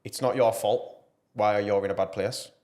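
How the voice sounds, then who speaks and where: A man with a fairly low voice, speaking as a guest on a podcast. He talks with earnest passion in a loose, conversational way, often pausing on fillers. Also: steady tone, darkish tone. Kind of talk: casual podcast interview.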